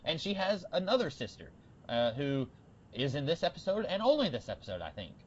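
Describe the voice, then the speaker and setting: A man co-hosting a podcast, chatting casually about a TV episode with lots of fillers and bursts of excitement. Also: on the high side, a little fast, dull audio, a little hiss or hum. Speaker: podcast co-host. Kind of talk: casual TV discussion.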